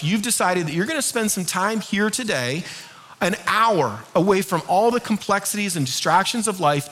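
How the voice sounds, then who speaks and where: Bright, lively male pastor preaching. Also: sits high. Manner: lively, leads the congregation in call-and-response. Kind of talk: sermon.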